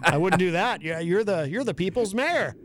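A man's voice: high-pitched, expressive, moderate pace, fairly bright tone, a little hiss or hum. A man hosting a live talk radio show, teasing his co-host and laughing easily. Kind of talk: casual talk radio banter. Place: radio studio.

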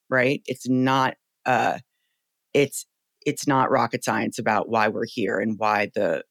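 A woman in her forties with a very deep voice, telling stories as a guest in an animated, emphatic, casual way. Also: no echo. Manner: animated, emphatic, salty storytelling with "like" fillers. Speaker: podcast guest, company founder. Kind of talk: casual interview chat.

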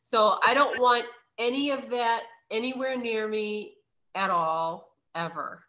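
Bright chatty young woman host. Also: on the high side, slow pace, muffled recording. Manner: chatty, laughs often, swears casually. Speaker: podcast host. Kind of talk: casual chat.

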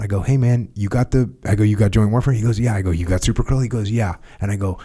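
A man with a low, dark, mellow voice in a casual podcast chat. He talks emphatically and repeats phrases to drive a point home, mixing jokes into his sponsor reads. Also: fast, hardly any pauses, slightly rough. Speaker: podcast host.

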